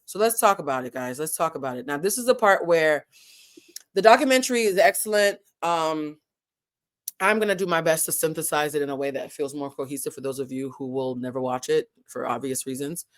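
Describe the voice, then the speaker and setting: A woman with a New England accent hosting a casual live commentary stream, animated and digressive, swearing freely and swinging between loud and soft. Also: low voice, fairly quick. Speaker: commentary channel host.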